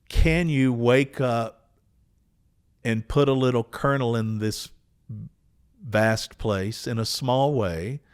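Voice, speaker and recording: A man, telling a personal story as a podcast host, earnest and unhurried, with small restarts. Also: mid-range voice, clear, resonant tone. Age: 60s.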